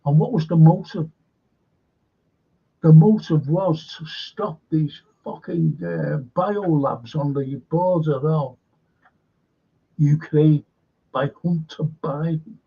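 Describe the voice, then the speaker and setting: A man in a rambling, opinionated monologue, halting and repeating words, with a sarcastic edge. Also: on the high side, breathy edge, lo-fi sound.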